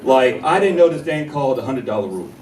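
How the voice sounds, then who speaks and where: A young man from North Carolina, performing a stand-up comedy set with animated storytelling and banter with the audience. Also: medium pitch, fast talker, a little hiss or hum. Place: comedy club stage. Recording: echoey club taped from far. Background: laughing live audience.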